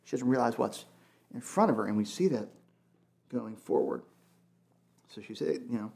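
A man's voice: on the low side, moderate pace, vocal fry, pauses often, darkish tone. A male pastor preaching in a conversational, emphatic way, full of casual asides. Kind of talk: sermon.

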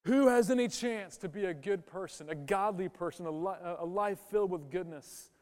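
High-voiced man preaching in a reverberant hall. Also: normal speed, darkish tone. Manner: emphatic, rhetorical questions to the congregation. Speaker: pastor. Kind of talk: sermon. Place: church sanctuary.

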